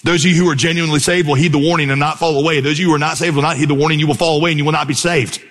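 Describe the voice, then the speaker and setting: A man preaching a sermon from a church stage, conversational and animated as he tells stories. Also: fairly high pitch, rapid-fire. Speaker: pastor. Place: church stage before a congregation. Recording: live sermon in a reverberant hall.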